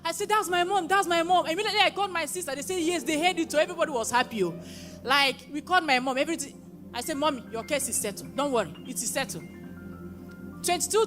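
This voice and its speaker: High-pitched young woman, emotional church testimony, bursts of excitement, music underneath. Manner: emotional, often rising to excited exclamations. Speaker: testifier at a prayer conference. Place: live church gathering. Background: music playing.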